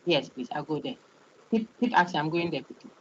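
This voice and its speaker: A woman's voice: sits low, lively intonation, brisk, slight background noise. A woman with a Ghanaian accent lecturing to a large online class. She repeats words and checks "okay?" as she explains. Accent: Ghanaian English. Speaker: university lecturer. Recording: dull lo-fi online call audio.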